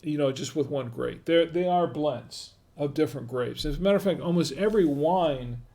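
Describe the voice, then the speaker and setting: A man's voice: a little high, moderate pace, creaky, warm tone. A man hosting a wine tasting livestream, talking casually and thinking aloud as he reads viewer comments. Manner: rambling and conversational, thinking aloud.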